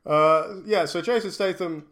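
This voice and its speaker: A man runs a tabletop game, narrating slowly with bursts of laughter. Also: sits high, a bit bright. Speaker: game master.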